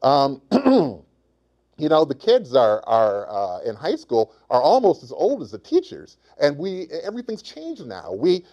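A man hosting a comedy podcast, talking in a goofy, self-mocking way with sudden shouted bursts. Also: mid-range voice, muffled recording. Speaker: podcast host. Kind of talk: comedic monologue and chat.

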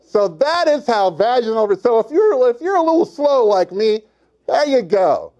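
A man hosting a comedy podcast, talking in a goofy, self-mocking way with sudden shouted bursts. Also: extremely high pitch, sing-song, normal speed, dull audio. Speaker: podcast host. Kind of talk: comedic monologue and chat.

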